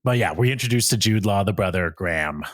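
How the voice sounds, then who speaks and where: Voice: low-pitched, expressive, fast talker, no echo, clean studio sound. A podcast co-host in casual chat about a movie, joking and laughing often. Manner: chatty, laughs often, jokey asides.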